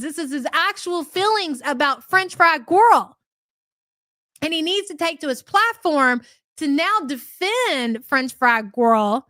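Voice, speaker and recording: A woman's voice: high-pitched, bright, forceful tone, no echo, clean studio sound. A middle-aged woman hosting a live reaction stream, talking bluntly and profanely with scornful laughs. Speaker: host.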